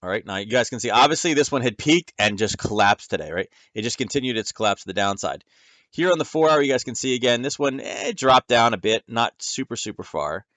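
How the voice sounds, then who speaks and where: A man with an animated, mid-range voice, a little fast and fairly bright, leads a casual trading lesson by screen share. He rambles through the charts in a conversational way, full of fillers and self-corrections, and the audio has no room sound.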